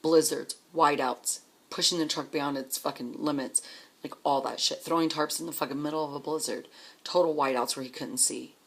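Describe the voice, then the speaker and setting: A woman's voice: low voice, steady tone, moderate pace. A middle-aged woman telling her own life story candidly, blunt and swearing often, sometimes repeating words as she gets emotional.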